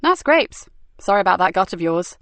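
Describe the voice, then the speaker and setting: A woman voicing a tough, blunt female detective inspector, speaking brisk, loud and wry. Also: mid-range voice, sing-song, no room sound.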